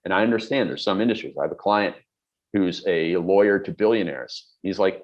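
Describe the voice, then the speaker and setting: A man's voice: sits low, a little fast, lo-fi sound. A middle-aged man coaching on productivity, talking bluntly and emphatically with everyday examples. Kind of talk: direct-to-camera advice talk.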